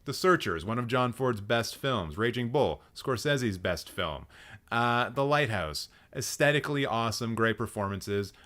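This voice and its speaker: A man's voice: medium pitch, lively intonation, a little slow, fairly bright tone. A man hosting a live stream, giving blunt, sarcastic commentary and swearing freely. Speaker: host.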